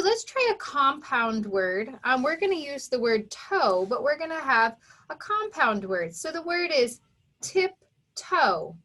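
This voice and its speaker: A woman's voice: sits high, a bit bright. A woman teaching a children's phonics lesson, patiently sounding out words and spelling them letter by letter.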